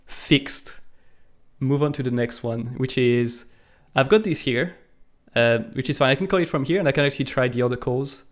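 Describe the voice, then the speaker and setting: A man's voice: mid-range voice, moderate pace. Male co-host talking through code at his desk, loose and filler-heavy, typing audible. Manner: thinks aloud while typing, with frequent fillers. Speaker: live stream co-host. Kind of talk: casual coding walkthrough. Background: keyboard typing and clicking.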